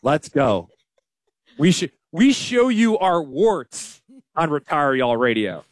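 A man hosting a financial radio show, talking in a folksy, self-deprecating, animated way. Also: a little high, slow pace, no room sound, studio quality. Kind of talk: casual radio talk.

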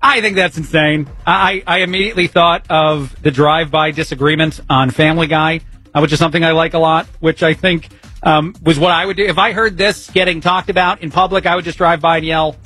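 Chatty husky-voiced male radio host. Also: fairly high pitch, fairly even intonation, a little fast, sharp tone, soft background music. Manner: chatty, rambling, self-mocking, laughs at his own jokes. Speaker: fill-in radio talk host. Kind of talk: casual talk radio monologue. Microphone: studio broadcast microphone.

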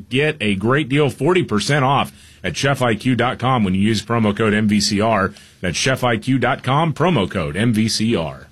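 A man's voice: fairly low pitch, slightly rough. A man hosting a talk radio show, counting down the day's news headlines and adding conversational asides.

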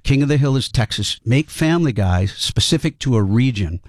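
A man's voice: medium pitch, animated, normal speed, a little mellow, dry recording, studio quality. A man in his fifties from Rhode Island with a Rhode Island accent, telling stories in a casual interview. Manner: chatty anecdotal storyteller. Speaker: guest, sitcom and cartoon writer.

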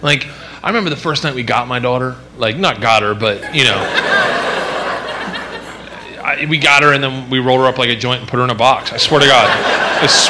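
A young man tells a stand-up story in a rambling, filler-heavy way, speaking at a middle pitch. He is recorded live in a comedy club with clear background noise.

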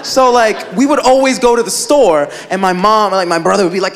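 A man's voice: high voice, animated, a little fast, hardly any pauses, slight background noise. A man doing a stand-up comedy set, telling a rambling story full of fillers and acting out the voices of the people in it.

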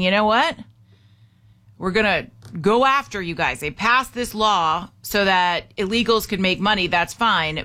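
A woman hosts a morning talk radio show with a bright, forceful tone. She is chatty and opinionated, commenting on the news and giving out the call-in number again and again. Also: mid-range voice.

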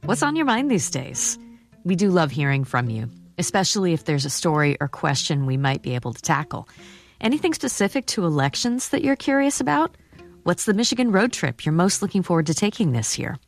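A woman hosting a public radio show, wrapping up an interview and reading out announcements in a measured, composed way. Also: on the low side, sing-song, gravelly, soft background music.

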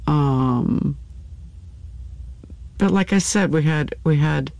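An older actress speaking candidly in an interview, with halting restarts and fillers. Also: female voice, sits low, gravelly, warm tone, dry recording. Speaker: actor, interview guest.

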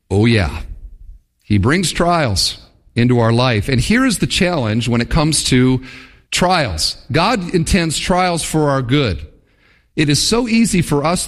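A man, a church pastor, preaching a sermon to his congregation and asking them questions, his voice climbing as he presses each point. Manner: preaching with rhetorical questions to the congregation, pitch rising for emphasis. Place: church service.

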